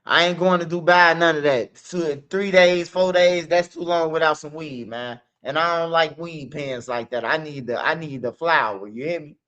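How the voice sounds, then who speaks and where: A high-pitched, sharp-toned man rambles casually to his stream audience. His talk is loose and slangy, peppered with "man" and "bro", and it comes through on dull lo-fi audio. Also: normal speed, few pauses. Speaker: streamer host.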